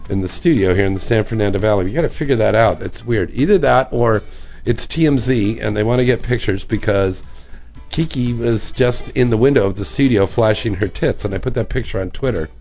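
A man's voice: fairly low pitch, brisk, a little mellow, lo-fi sound, faint music behind. A man hosting a radio talk show, chatting casually and joking between plugs in a studio. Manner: joking, loose, plugs and asides.

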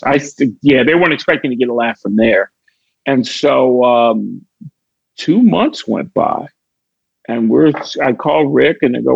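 A man's voice: mid-range voice, a little slow, vocal fry, husky, dry recording, highs cut off. A man, an actor and comedian from Chicago, telling stories in a casual chat and acting out the voices in them. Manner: animated, acts out voices in his stories. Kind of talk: casual storytelling.

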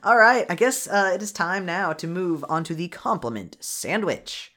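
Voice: mid-range voice, sing-song, normal speed, sharp tone. A podcast host casually recapping a cartoon movie in a wry, sarcastic way.

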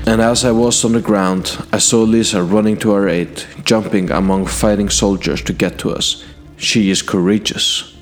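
A man telling a fantasy adventure in character, recounting past deeds to a king in a measured, earnest first-person way. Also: lowish voice. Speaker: storyteller.

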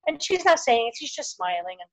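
Middle-aged woman, podcast guest, lively storyteller who acts out quotes and sinks to a near whisper. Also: high voice, fairly quick, low-quality recording. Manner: animated storyteller, acts out quoted voices, drops to near whisper at hard moments. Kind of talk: personal storytelling interview.

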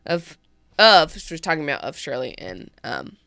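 Woman, low gravelly voice, dry close sound, rambling casual reader, giggly. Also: very animated, moderate pace, fairly bright tone, no echo. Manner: rambling, self-interrupting, giggly. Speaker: podcast host. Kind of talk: casual chat, reading an article aloud.

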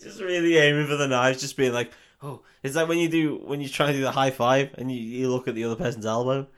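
A man's voice: medium pitch, steady tone, fast talker, clear, resonant tone. A man co-hosting a comedy podcast, throwing in jokey, sweary remarks and playful questions. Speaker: podcast co-host. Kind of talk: casual comedic banter.

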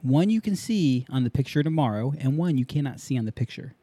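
A young man hosts a casual podcast in a loose, upbeat, rambling manner, often restarting his sentences. His voice is dark and mellow, recorded dry and close with no room sound. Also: medium pitch, expressive, brisk, breathy edge, no echo. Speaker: podcast host. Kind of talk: casual talk show chat.

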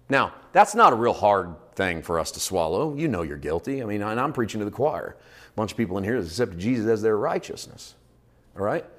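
Middle-aged guy preaching, punchy loud bits then dropping soft and low, mid-pitched voice. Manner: preaching with big swings from loud emphatic peaks to quiet, low asides. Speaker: pastor. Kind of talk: sermon.

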